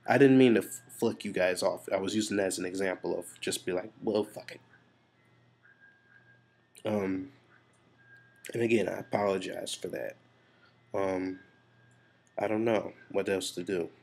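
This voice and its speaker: A man's voice: low voice, fairly even intonation, normal speed, creaky, darkish tone. A man talking to camera in a frank, rambling confessional vlog, stressed and frustrated, swearing freely as he talks things through. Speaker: vlogger.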